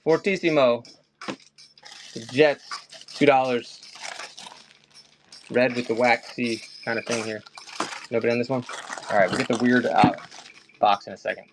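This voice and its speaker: A man's voice: mid-range voice, steady tone, moderate pace, pauses often, background noise. A man chatting casually with viewers during a live auction stream, rambling and addressing them by name.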